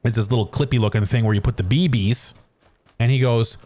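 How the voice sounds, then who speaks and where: A man's voice: medium pitch, steady tone, brisk, mellow. A man tells a story casually while he games at home. He is close on a studio microphone, rambles and restarts his sentences, and keeps poking fun at himself. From Canada. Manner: rambling, self-mocking, frequent restarts and fillers. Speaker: streamer. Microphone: studio dynamic microphone.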